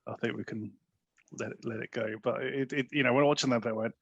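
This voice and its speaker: A man with a husky, slightly raspy voice chats casually about a film on a podcast. He retells scenes with a laugh, and the recording sounds dry and close. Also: medium pitch, fairly even intonation, fast, a bit bright, dry recording, lo-fi sound. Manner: laughs easily, acts out quoted lines. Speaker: podcast co-host. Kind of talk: casual film review chat.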